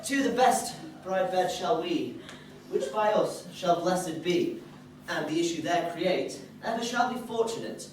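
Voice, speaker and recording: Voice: mid-range voice, animated, unhurried, hardly any pauses, lightly acted. Actor playing fairy king Oberon blessing the house. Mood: solemn. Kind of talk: live stage Shakespeare verse. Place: theatre stage, audience filming. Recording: echoey hall, mic far off, noisy.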